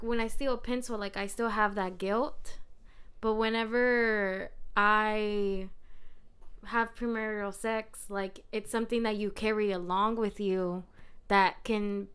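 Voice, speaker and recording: A woman's voice: mid-range voice, a bit bright, clear, resonant tone. A woman co-hosting a Christian podcast, explaining her point with plain everyday examples. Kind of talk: casual faith discussion.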